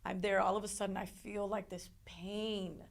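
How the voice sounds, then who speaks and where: A woman telling a painful personal story in an interview, emotional and halting, with frequent restarts. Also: mid-range voice, little pitch movement, creaky. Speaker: interview guest.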